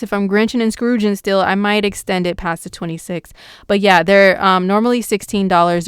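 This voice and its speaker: A young woman astrologer chatting casually about the week's horoscope in an excitable, slangy way. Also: fairly low pitch, clear, resonant tone, no room sound, clean studio sound.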